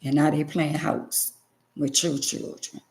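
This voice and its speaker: Woman, middle-aged, gravelly fry, emphatic preachy testimony, vlog to viewers. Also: low-pitched, little pitch movement, takes it slowly, darkish tone. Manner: emphatic, preachy, repeats phrases for stress. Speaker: vlogger. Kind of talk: emotional personal testimony to viewers.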